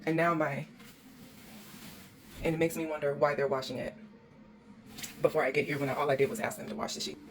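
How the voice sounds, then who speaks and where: A woman's voice: sits low, steady tone, brisk, long pauses, slight background noise. A woman hosting a walkthrough vlog, exasperated and ranting as she films indoors in a condo on a handheld phone. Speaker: host.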